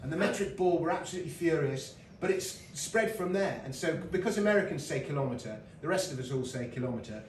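A man's voice: a little high, animated, fairly quick, hardly any pauses, a little hiss or hum. Chatty British man lecturing in a roomy hall. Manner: chatty storytelling with laughs and asides. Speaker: lecturer and comedian. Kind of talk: comic lecture. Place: lecture hall with live audience. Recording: roomy hall mic from a distance.

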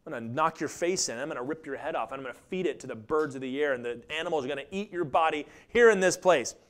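A man voicing a brutish giant warrior who taunts and threatens in a low, mocking voice, as a preacher retells a story. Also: fast, fairly bright tone, lightly acted. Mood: menacing.

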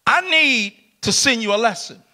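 A middle-aged man preaching a lively sermon in a church, shouting and laughing with the congregation. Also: very high-pitched, moderate pace. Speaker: pastor. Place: church sanctuary.

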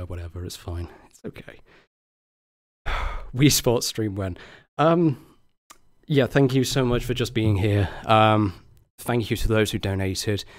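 A young man streaming live, out of breath and exhausted, chatting casually with sighs between thanks. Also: fairly low pitch. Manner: breathless, sighing, grateful and laughing.

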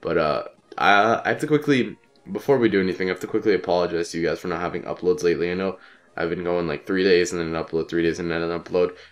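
A young man rambles through his gameplay commentary in a low, deep voice, stuffed up and congested from a cold. He talks offhandedly and swears casually as he plays. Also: fairly even intonation, fast, soft background music. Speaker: let's play commentator.

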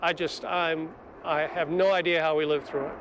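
A man's voice: a little high, flat delivery, moderate pace, background noise. An older man, a former helicopter crewman, earnestly recalling a burning aircraft in a documentary interview.

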